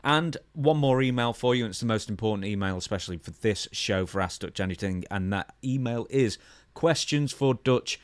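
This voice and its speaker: A British man hosting a podcast, briskly plugging books and reading out listener questions. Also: lowish voice, expressive, clean tone, no echo. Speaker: podcast host.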